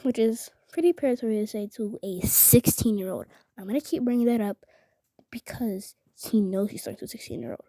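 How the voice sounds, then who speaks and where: A woman's voice: a little high, brisk, dark tone, no room sound. A young woman telling a story to the camera, indignant and rambling, often dropping to a whisper. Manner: rambling, many filler "like"s. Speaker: vlogger. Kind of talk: casual storytelling.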